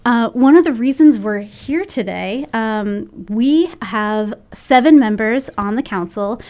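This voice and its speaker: A woman's voice: on the high side, animated, slow, a little mellow. A woman on a local radio talk show, a cultural council member explaining figures step by step and laughing easily.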